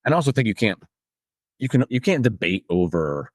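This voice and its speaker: A man's voice: fairly low pitch, big pitch swings, fairly quick, no echo, clean studio sound. A man in his thirties co-hosting a podcast, telling a rambling story in casual chat with lots of fillers. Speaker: podcast co-host.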